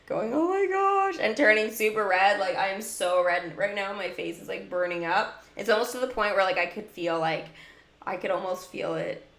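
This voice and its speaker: Chatty, giggly woman gamer streaming live, mid-pitched voice, roomy echo. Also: steady tone, moderate pace, fairly bright tone. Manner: chatty, giggly, heavy use of "like". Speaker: mobile game livestreamer. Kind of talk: casual gameplay livestream chat.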